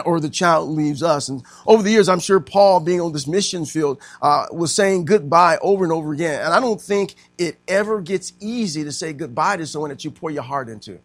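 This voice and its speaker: A middle-aged man preaching a sermon in a folksy way, sprinkling in amens and swinging between loud emphasis and hushed tones. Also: a little high, expressive, normal speed, no room sound. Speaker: pastor.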